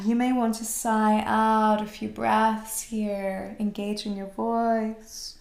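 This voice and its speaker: A woman from Australia teaching a voice class, guiding the breath with calm, slow cues. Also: mid-range voice, gravelly. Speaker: voice and mantra teacher. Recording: roomy echo.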